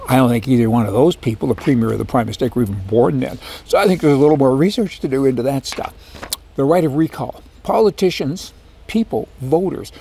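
A man's voice: mid-range voice, vocal fry, dark tone, husky. A man hosting a political commentary monologue, ranting with sarcastic asides. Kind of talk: opinionated monologue.

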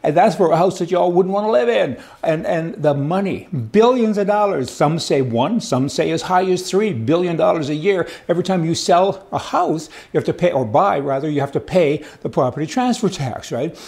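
A man's voice: on the high side, expressive, normal speed, creaky, few pauses, darkish tone. A man from Canada giving a folksy, sarcastic political monologue, speaking to his viewers with emphatic asides. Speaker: commentator.

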